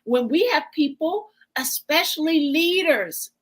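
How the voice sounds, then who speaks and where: A woman coach explaining her ideas in a slow, deliberate interview. Her voice sits a little high, and she takes her time over each point. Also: lively intonation, rough recording. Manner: measured, explanatory. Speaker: guest speaker, relational coach. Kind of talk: interview answer.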